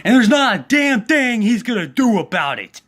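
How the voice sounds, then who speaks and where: A man's voice: very high-pitched, sing-song, normal speed, a bit bright. A man in the middle of a heated, profane rant, his voice swinging widely up and down as he gets worked up. He talks crudely and swears constantly, keeping the whole tirade at a boil. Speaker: vlogger ranting about his neighbor.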